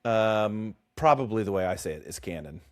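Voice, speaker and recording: A man co-hosting a casual book discussion podcast, animated and emphatic, often repeating words when he gets worked up. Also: lowish voice, moderate pace. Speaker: podcast co-host.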